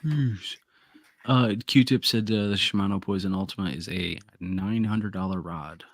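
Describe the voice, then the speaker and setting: Casting note: a wry, joking man with a lowish voice, on a dry, close mic. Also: measured pace, dry recording. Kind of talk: casual live-stream chat.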